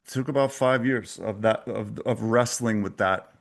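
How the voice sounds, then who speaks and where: A man's voice: lowish voice, normal speed, gravelly. A man speaking as a guest in an interview, intense and emphatic, with a preacher-like drive. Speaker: podcast guest, coach. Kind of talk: candid interview talk.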